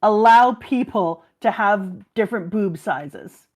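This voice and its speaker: Animated woman chatting on a stream. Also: mid-range voice, takes it slowly. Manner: animated, laughs often, acts out quotes. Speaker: stream co-host. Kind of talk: casual chat.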